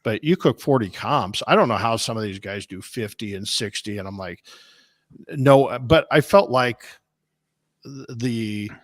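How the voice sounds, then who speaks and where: A barbecue competition cook from Des Moines, Iowa, in the US, tells long, rambling, animated anecdotes with restarts on a casual podcast. His voice is lowish at a moderate pace, recorded at studio quality with no echo.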